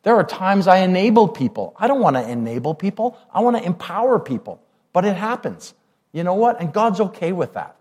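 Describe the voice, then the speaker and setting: A man's voice: sits high, big pitch swings, brisk, a little mellow, breathy edge. Pastor, male, chatty sermon delivery with questions to the room. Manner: conversational, asks the congregation questions.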